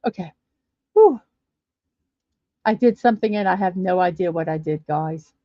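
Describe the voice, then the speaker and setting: A woman's voice: on the low side, moderate pace, no echo. A woman hosting a casual livestream, chatting and reading viewer comments aloud. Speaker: livestream host. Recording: dull lo-fi dry stream audio.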